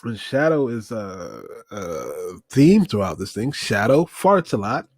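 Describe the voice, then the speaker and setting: A man's voice: fairly low pitch, sing-song, slow pace, darkish tone, slightly rough, no echo. Rambling man recapping a film. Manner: rambling, many fillers, wry asides. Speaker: movie review host.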